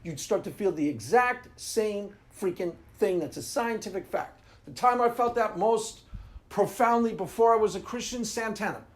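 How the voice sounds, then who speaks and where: Man, casual monologue, emphatic, animated, laughing asides. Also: sits high, normal speed. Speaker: Christian apologetics channel host.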